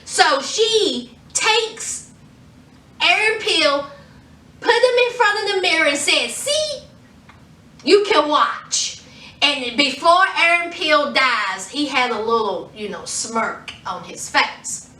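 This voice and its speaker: A woman recapping a TV episode in a casual, animated way, acting out the characters' lines. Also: high-pitched, slow, roomy sound, recorded from a distance. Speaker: TV show reviewer.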